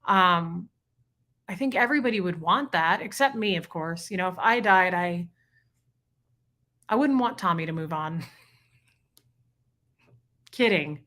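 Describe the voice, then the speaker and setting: A woman hosting a casual livestream, chatting warmly and greeting viewers by name as she reads the chat. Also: on the low side, animated, measured pace, pauses often. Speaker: livestream host reading chat.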